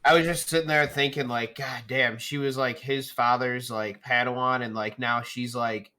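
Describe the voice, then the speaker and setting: A man in a casual podcast chat, speaking haltingly while he searches for words. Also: medium pitch, fairly even intonation, sharp tone.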